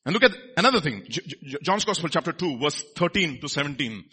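A man's voice: fairly high pitch, sing-song, fast talker, pushed and bright, husky. A man preaching a sermon, asking the congregation questions as he teaches from scripture. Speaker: pastor.

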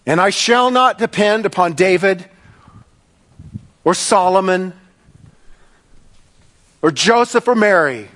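A man's voice: high-pitched, animated, takes it slowly, long pauses, fairly bright tone, voice pushed up, heavily acted. A man preaching in the voice of God, an almighty eternal creator, proclaiming in a declamatory way.

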